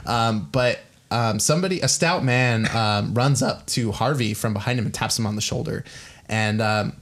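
A man's voice: lowish voice, moderate pace, a bit bright. A man narrating a tabletop game as game master, loose and full of fillers.

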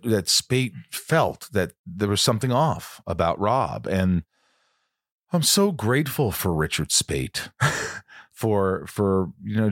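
Effusive low-voiced podcast host. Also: male voice, no echo, studio quality. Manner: effusive, warm-hearted sign-offs. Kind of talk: casual podcast chat.

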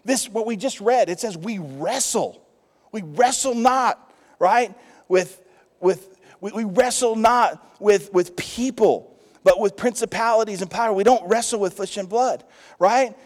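A man with a Texas accent, a pastor preaching a lively sermon in a church, swinging from loud calls to hushed asides. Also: high-pitched. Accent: Texan. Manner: lively preaching with big swings in loudness, asides and quick jokes. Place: church sanctuary. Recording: long hall reverb.

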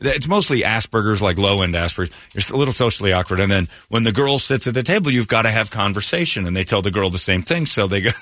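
Low, bright-voiced man telling a story on radio. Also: quick pace, few pauses, dry recording. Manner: animated storyteller, acts out quotes in raised voices. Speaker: radio show host. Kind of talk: casual morning radio banter.

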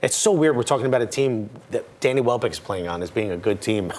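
A man's voice: fairly low pitch, expressive, fast talker, a little mellow. A man talking soccer on a casual podcast panel, analytical and reeling off stats, with dry sarcasm. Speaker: soccer pundit.

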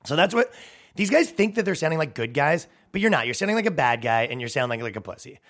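A man's voice: a little high, big pitch swings, quick pace, fairly bright tone. A man hosting a comedy podcast, riffing in a rambling, profane, sarcastic way. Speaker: podcast host.

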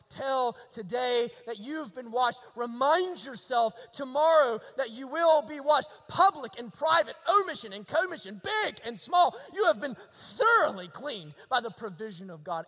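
A man preaching a sermon, swinging from hushed near-whispers to emphatic shouts and asking the congregation rhetorical questions. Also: very high-pitched, lively intonation, moderate pace, hardly any pauses, long reverb tail. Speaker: pastor. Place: church sanctuary.

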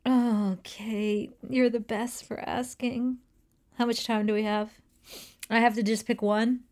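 A woman co-hosting a podcast, chatting casually and playfully with her co-host. Her voice sits a little on the higher side, and she tells stories with animated energy. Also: slow pace. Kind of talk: casual chat.

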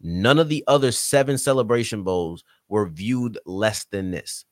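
A man's voice: lowish voice, measured pace, no echo, studio quality. A man hosting a solo sports podcast, talking casually and straight to his listeners, with a slight country twang at times. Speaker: podcast host.

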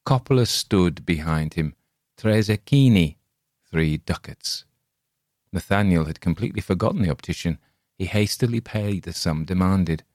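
Man, audiobook narration, measured and expressive, very deep voice, dry sound. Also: dry recording. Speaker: audiobook reader. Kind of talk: scripted narration of a classic tale.

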